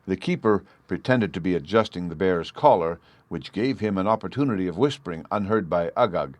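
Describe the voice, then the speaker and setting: A man narrating an audiobook in an even, measured storytelling manner. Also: low-pitched, no echo. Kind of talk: scripted narration.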